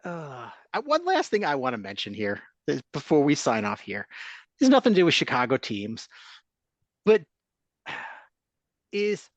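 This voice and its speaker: A man's voice: high-pitched, dry recording. A man hosting a casual sports podcast, ranting as he stacks up complaints.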